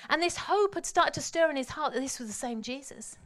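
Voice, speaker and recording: A woman preaching a sermon, telling the story dramatically and swinging from hushed tones to loud calls. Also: high-pitched, lively intonation, fairly quick.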